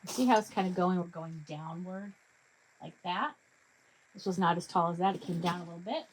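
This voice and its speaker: A woman's voice: on the low side, moderate pace, slight background noise, low-quality recording. A woman hosting a live craft tutorial, chatting her way through each step and joking with her materials. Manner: jokey self-talk to her materials.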